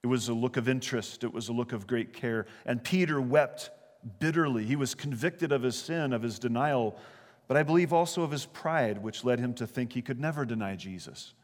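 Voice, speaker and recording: A man's voice: mid-range voice, fairly quick. Earnest preaching man in a reverberant hall. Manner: earnest, conversational preaching with light laughter. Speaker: pastor. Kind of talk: sermon.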